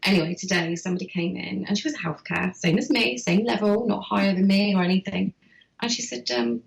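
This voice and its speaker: A woman host chatting casually and telling a personal story in a candid, animated way. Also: mid-range voice, brisk, creaky. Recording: roomy echo.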